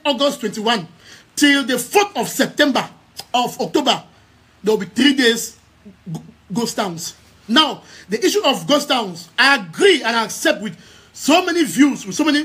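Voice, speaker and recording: His voice is very high-pitched, bright and husky with a forceful tone. He is a young man from Southern Cameroons, an activist who runs a news outlet, addressing followers on a live stream in Cameroonian-accented English, emphatically repeating key phrases and stammering into restart after restart.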